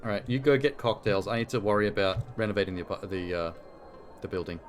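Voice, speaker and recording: With faint music behind him, a man speaks fast in a fairly low voice. It's relaxed let's-play commentary on a live stream, chatty, profane, and full of remarks to himself.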